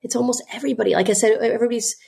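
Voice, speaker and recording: Donna sincera, racconta con tanti "you know". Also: female voice, on the high side, steady tone, rapid-fire, gravelly, dark tone, slightly rough. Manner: earnest, many "you know" fillers. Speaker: guest, business owner and author. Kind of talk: candid interview storytelling.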